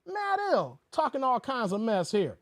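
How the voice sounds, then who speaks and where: A man hosting a casual live stream, talking in an animated, joking way and mimicking other voices. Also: very high voice, unhurried, no room sound, studio quality. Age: 40s. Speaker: YouTube commentary host.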